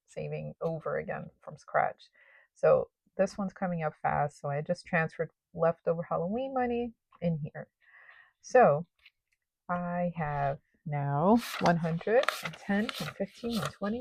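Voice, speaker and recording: A woman's voice: lowish voice, gravelly, no echo, low-quality recording. A young woman chatting casually while she sorts cash into budget envelopes, rambling with lots of fillers. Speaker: budgeting vlogger. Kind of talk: casual cash-stuffing commentary.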